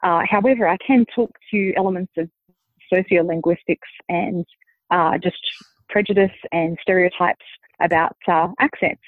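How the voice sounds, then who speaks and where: Australian-accented woman guest, explanatory and measured, tinny call audio. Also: on the low side, fairly even intonation, no room sound. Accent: Australian, softened. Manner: measured, explanatory, thinks aloud. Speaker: linguist guest. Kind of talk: conversational interview answer. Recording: dry tinny phone-like line.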